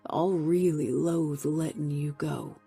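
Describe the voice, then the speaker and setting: A woman narrator voicing a young male biker speaking low and intimately to his lover. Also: slow pace, gravelly, soft background music, exaggerated voice. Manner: hushed, intimate.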